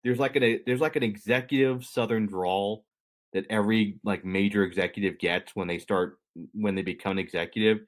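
A man's voice: fairly low pitch, steady tone, normal speed. A young adult man co-hosting a podcast, explaining at length in a rambling, self-correcting way with dry humor. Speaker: podcast co-host. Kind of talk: casual explanatory chat.

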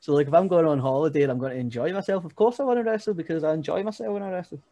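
A young man, a wrestler guest on a podcast, telling stories in a casual, animated way with frequent laughs and "you know what I mean". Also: on the high side, rapid-fire, no room sound. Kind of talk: casual storytelling chat.

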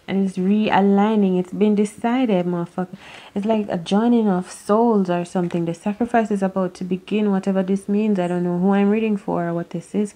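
A woman's voice: medium pitch, dark tone. A woman doing an unscripted tarot reading to camera, musing aloud, rambling and swearing as she goes. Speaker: tarot reader.

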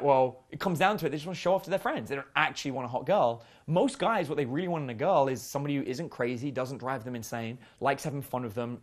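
A man coaching on dating in a loose, chatty way. His pitch swings widely and sits a little high for a man. He fills his talk with "like" and "um". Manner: chatty, uses many fillers and acted quotes. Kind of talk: casual seminar talk.

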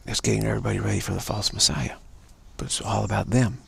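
A man's voice: on the low side, flat delivery, fast talker, gravelly, a little hiss or hum. A man giving an unscripted spiritual talk as its teacher, repeating phrases over and over. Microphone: livestream mic.

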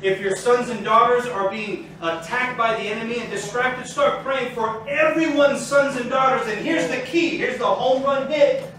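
A man's voice: extremely high pitch, normal speed, hardly any pauses, a bit bright, slight background noise. A man teaching a sermon before a congregation, fervent and building in intensity as he preaches. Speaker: Torah teacher. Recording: very echoey room, mic far off.

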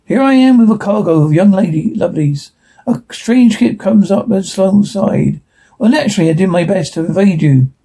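A man's voice: high-pitched, lively intonation, moderate pace, gravelly, mellow, husky, exaggerated voice. Mudd, a man reading as a roguish space trader. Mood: wheedling. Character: roguish smooth-talking male space trader.

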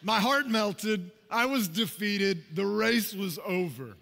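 A man preaching a sermon as pastor, telling a personal story in a conversational, animated way with asides to the congregation. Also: high-pitched, slow pace, gravelly, big-room sound. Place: church sanctuary.

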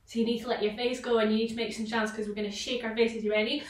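A woman tutor leading children through an online vocal warm-up, encouraging them and breaking into loud sound-game exclamations. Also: fairly high pitch, flat delivery, rapid-fire, recorded from a distance. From Scotland. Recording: echoey room, voice a little off-mic.

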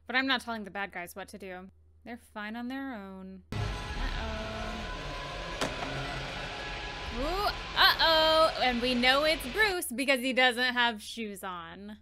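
A woman hosting a casual movie reaction, animated and exclaiming at the screen. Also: fairly high pitch, measured pace, over loud music.

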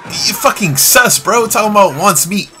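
A man doing let's play commentary on a horror game, swearing constantly in slang and yelling when he panics. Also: sits high, animated, moderate pace, faint music behind. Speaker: gamer playing a horror game.

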